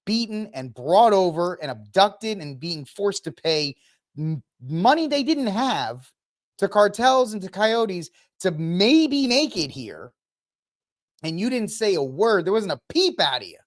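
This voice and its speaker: A man's voice: high voice, big pitch swings, unhurried. A man hosting his own political commentary show, ranting in a heated, indignant way and piling up accusations. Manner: fiery, indignant ranting with repeated blame.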